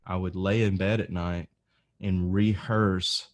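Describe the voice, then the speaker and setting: A man's voice: low voice, level tone, takes it slowly, a little hiss or hum. A man hosting a podcast, asking questions and reflecting on his own past in a thoughtful, searching way. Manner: reflective, restarts phrases while thinking. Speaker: podcast host. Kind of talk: casual interview talk.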